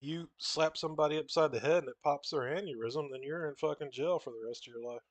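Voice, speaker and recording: A young man with a drawl and a fairly high voice tells rambling stories while he draws. He swears freely, calls the listener bro and dude, and sounds dry and close to the mic. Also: quick pace, dry recording. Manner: rambling, profane, says "bro" and "dude" a lot. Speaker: comic artist drawing on stream. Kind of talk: casual storytelling while drawing.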